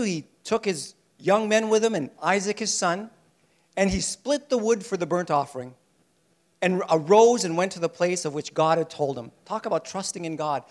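A man preaching a sermon with animated delivery, sometimes acting out voices from the story. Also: high voice. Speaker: pastor.

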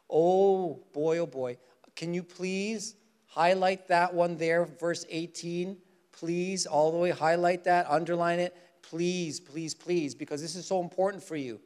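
A man preaching a sermon as pastor, joking at his own expense and slowing down to stress the verses he reads. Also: sits high, smooth. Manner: humorous, self-mocking, lively storytelling. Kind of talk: sermon with Bible reading.

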